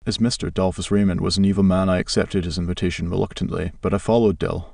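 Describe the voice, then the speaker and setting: A man narrating an audiobook in a steady, unhurried way. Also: deep voice, vocal fry, no echo, studio quality, distant mic. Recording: voice a bit off-mic.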